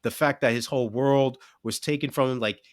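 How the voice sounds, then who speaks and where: A man co-hosting a podcast, talking in a relaxed, thoughtful way with many fillers. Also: mid-range voice, fairly quick. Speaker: podcast co-host. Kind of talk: casual podcast chat.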